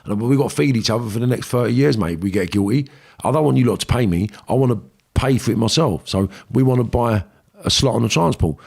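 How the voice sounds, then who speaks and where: A man's voice: medium pitch, quick pace, gravelly, darkish tone, breathy edge. A man with a London accent, telling a long story as a podcast guest, blunt and full of swearing, acting out what people said. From England. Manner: blunt and swearing, acts out quoted dialogue. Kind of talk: storytelling in casual chat.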